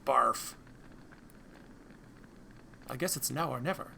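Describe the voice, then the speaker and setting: A man's voice: mid-range voice, brisk, bright, forceful tone, a little hiss or hum. A man streaming a game live, making wry, musing asides about the scenes.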